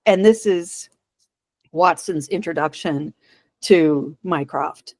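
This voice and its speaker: A woman's voice: fairly low pitch, slow pace, no room sound. A woman co-hosting a podcast, retelling a TV episode in casual chat and laughing often. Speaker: podcast co-host.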